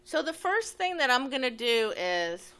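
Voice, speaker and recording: In a step-by-step physics lesson, a woman works methodically through a problem, thinking aloud as she writes and draws. Her voice sits high and is bright and forceful, very animated yet delivered at a measured pace.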